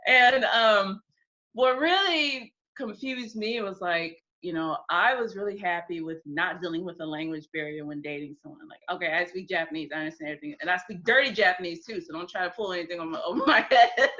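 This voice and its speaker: A woman's voice: fairly low pitch, brisk, bright, forceful tone, highs cut off. A young woman from the United States, a guest in an interview, telling candid stories frankly, laughing often and acting out what people said. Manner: frank, laughs often, acts out quoted speech.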